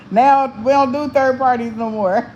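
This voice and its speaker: A woman's voice: sits high, highs cut off. A woman talks straight to her viewers in a loose, casual way. She is blunt and profane and laughs often between her points. A faint noise hums underneath her voice. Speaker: spiritual channel host.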